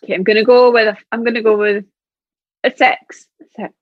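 A woman's voice: a little high, level tone, a little fast, dry recording. A woman guest chatting casually on a podcast, self-mocking and talkative. Her voice has a dull, muffled tone and sounds close and dry, with no room around it. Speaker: guest, coach. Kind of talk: casual chat.

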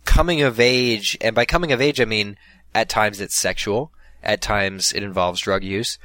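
A man's voice: fairly low pitch, normal speed, pushed and bright, no room sound. A man co-hosting a casual chat about films, rambling with many restarts and fillers.

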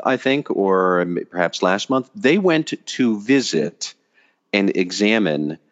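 A very deep-voiced man talks through a subject on a casual panel chat. His delivery is measured and explanatory. The audio sounds dull and lo-fi. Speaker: podcast panelist.

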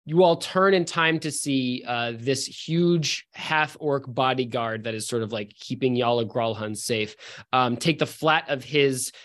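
A man's voice: medium pitch, unhurried, a bit bright. A man narrating as game master in a loose, filler-heavy way.

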